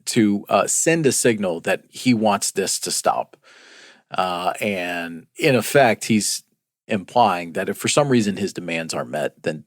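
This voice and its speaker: A man co-hosting a news podcast, explaining stories in a measured, casual way with frequent fillers. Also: fairly low pitch, dry recording, studio quality. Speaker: podcast co-host.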